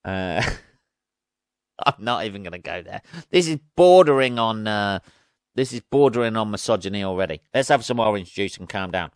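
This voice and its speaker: A man's voice: on the low side, expressive, normal speed, smooth, no echo, clean studio sound. A man hosting a podcast, rambling through a crude comic monologue and laughing at his own jokes. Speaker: podcast host. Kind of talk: casual comedic monologue.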